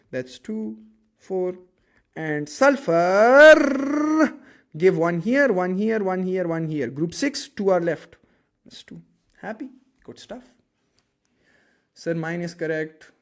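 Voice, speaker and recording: A man teaches chemistry in a loose, playful way. His voice sits high for a man, and he counts electrons aloud as he draws while teasing his own sketches. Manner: jokey, self-mocking, counts aloud while drawing. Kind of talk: casual classroom lesson.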